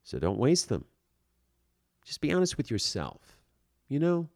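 A man's voice: medium pitch, huge pitch swings, unhurried, vocal fry, a little mellow, no echo, clean studio sound. A man giving an earnest motivational talk, circling back on his points and saying "you know" often. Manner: earnest, repeats himself, frequent "you know".

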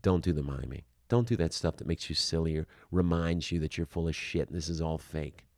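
Deep-voiced blunt acting coach, man. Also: a little fast, creaky, dry recording, clean studio sound. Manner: blunt, animated, scolding and encouraging; casual, slightly profane wording. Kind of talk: instructional talk to camera.

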